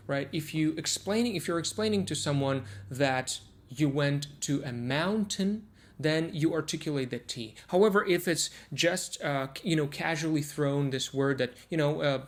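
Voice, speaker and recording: A man whose voice sits a little high teaches pronunciation on camera, breaking it down step by step and repeating example words slowly to model the sounds.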